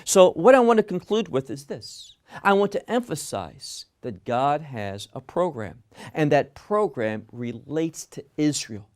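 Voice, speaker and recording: A man's voice: on the high side, darkish tone. A man teaching a Bible passage in sermon style, emphatic, often asking questions and answering them himself. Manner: emphatic, asks and answers his own questions.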